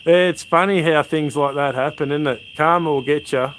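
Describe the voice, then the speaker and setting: A man's voice: on the high side, steady tone, normal speed, a little hiss or hum, low-quality recording. Laid-back Australian man, crickets behind. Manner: rambling, laid-back storyteller, matey. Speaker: livestream host. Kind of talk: casual chat with live viewers. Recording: crickets and insects chirping behind.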